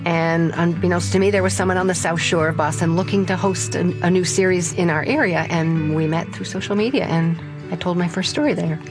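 An older woman telling a personal story in an animated way, often laughing as she talks. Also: fairly low pitch, brisk, few pauses, music in the background.

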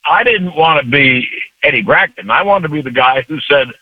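A man's voice: a little high, normal speed, no echo. A man in his eighties, a retired announcer, recalling stories in a phone interview. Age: 80s. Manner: storytelling, animated. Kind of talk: telephone interview recollection. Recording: muffled phone line, dry.

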